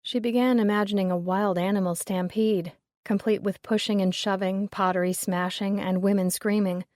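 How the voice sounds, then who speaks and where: A woman reading a story aloud as narrator in steady, measured narration. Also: medium pitch, no echo, studio quality. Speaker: audiobook narrator. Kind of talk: scripted narration.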